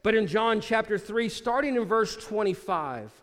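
A man preaching a sermon as pastor, often dropping low and quiet to stress a point. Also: animated, normal speed, in a large hall.

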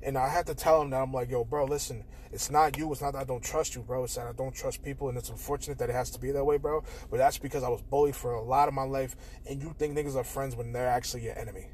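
A young man hosting a casual solo podcast, talking candidly and with plenty of swearing, swinging between loud bursts and quiet mutters. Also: medium pitch, fairly even intonation, fast talker, hardly any pauses, a little hiss or hum. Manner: candid, profane, shifts between loud outbursts and quiet mumbling. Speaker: podcast host.

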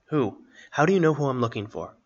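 A man doing a calm wary ranger. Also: medium pitch, brisk, highs cut off, close to an everyday voice. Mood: serious.

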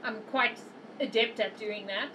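High-voiced giggly woman player. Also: unhurried. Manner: giggly, animated. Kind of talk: tabletop role-play. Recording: distant mic with faint noise.

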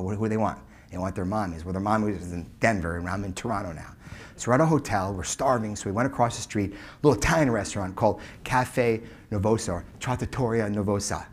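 A man in his forties telling a customer service story as a keynote speaker, emphatic, swinging between loud punches and hushed asides. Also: on the low side, breathy edge.

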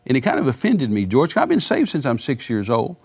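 A man's voice: medium pitch, huge pitch swings, a little fast, a little mellow, breathy edge. A man in his sixties, a guest minister in a broadcast interview, telling stories in a folksy way and often repeating words.

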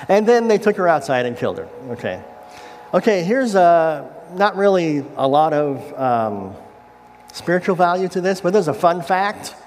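A pastor with a voice on the high side gives a casual, conversational sermon in a church sanctuary, retelling a scripture story in everyday words and checking in with the congregation. The recording has an echoey hall sound with faint ambience and a little hiss or hum.

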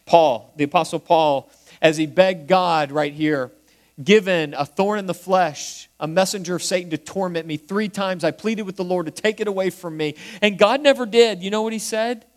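A man preaching a sermon, moving between emphatic, rising lines and quiet, hushed repeated refrains. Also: fairly high pitch, normal speed. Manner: swings from emphatic to hushed, soft quoted refrains. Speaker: pastor.

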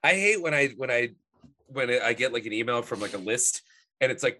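Bright-voiced ranting podcast co-host man. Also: medium pitch, fast talker. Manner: profane, ranting, animated storytelling. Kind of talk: casual comedic chat.

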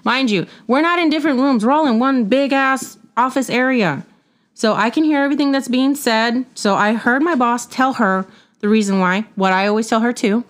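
A woman hosting a podcast tells a casual, blunt story about difficult customers, swearing freely as she goes. Her voice is on the high side and she talks at a normal speed.

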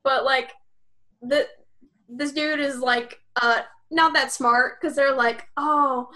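A high-pitched woman co-hosts a podcast and recaps a tabletop role-playing session. She rambles, swears freely and laughs through the story, briefly acting out what the characters said. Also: steady tone, slow, bright, forceful tone. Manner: rambling, profane, laughing often, acting out quotes. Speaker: podcast co-host.

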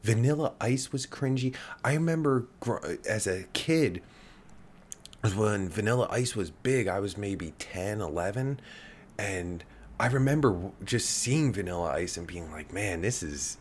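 A man's voice: lowish voice, animated, a little slow, a little hiss or hum. A man around forty rants on a podcast, swearing and rambling with many fillers. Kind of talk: profane podcast rant.

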